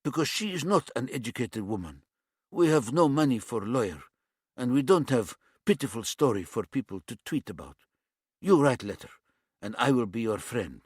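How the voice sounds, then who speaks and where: A man's voice: mid-range voice, very animated, moderate pace, breathy edge, no room sound, studio quality. A man voicing a gaunt, tattooed Lithuanian prisoner who speaks blunt, broken English with a Lithuanian accent and a menacing edge. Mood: insistent.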